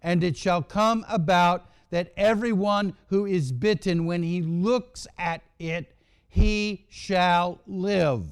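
A man preaching a sermon, retelling scripture in a slow, dramatic delivery with long pauses. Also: sits high, smooth.

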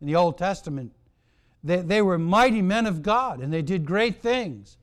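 A man preaching a sermon, telling a story in a deliberate, emphatic and dramatic way. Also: high-pitched, lively intonation. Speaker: pastor.

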